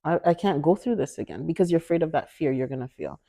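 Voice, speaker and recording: A woman telling her own story as a guest in a conversation, animated and acting out the people she quotes. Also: sits low, fast talker, gravelly. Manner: animated, acts out quoted voices, laughs often. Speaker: interview guest.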